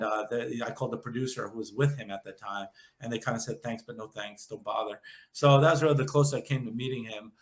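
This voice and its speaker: A man's voice: medium pitch, roomy sound. A man in his fifties with a nasal New York accent, rambling upbeat and jokey as an interview guest. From Long Island, New York. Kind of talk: casual interview chat.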